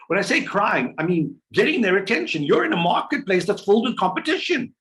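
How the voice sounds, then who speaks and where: A man giving an energetic business coaching talk, full of rhetorical questions and playful quoted voices. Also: high voice, a little fast.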